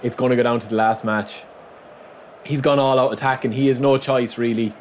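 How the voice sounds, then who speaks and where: A man giving live gameplay commentary, swinging between hyped shouting and low muttering as he plays. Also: steady tone, a little fast, a little hiss or hum. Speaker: gaming commentator.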